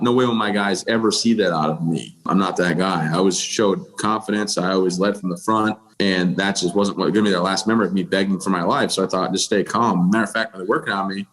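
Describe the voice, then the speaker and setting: A somewhat low-voiced American man in his thirties shares his own story as a podcast guest. He speaks plainly and matter-of-factly, slipping in dry jokes at his own expense. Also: poor audio. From United States. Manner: plain-spoken, matter-of-fact, dry self-deprecating humor. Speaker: guest, military veteran. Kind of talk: personal storytelling in a podcast interview.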